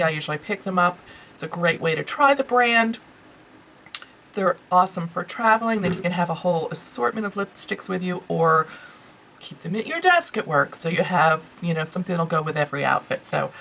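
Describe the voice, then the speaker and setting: Speaking in a lowish, fairly bright voice, a New York beauty vlogger gushes over products she bought, talking chattily to her audience with plenty of fillers. The recording is low-quality, with a little hiss or hum.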